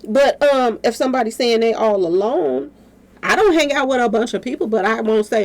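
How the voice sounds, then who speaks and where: A commentary vlogger talks straight to her viewers in a fairly high, animated voice at a brisk pace. Her casual commentary is packed with rhetorical questions.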